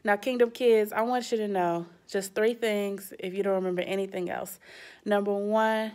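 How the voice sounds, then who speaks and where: A woman's voice: mid-range voice, steady tone, normal speed. A young adult woman, a children's pastor, speaking straight to the kids in a sermon with emphatic rises. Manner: warm, direct address to kids, emphatic rises.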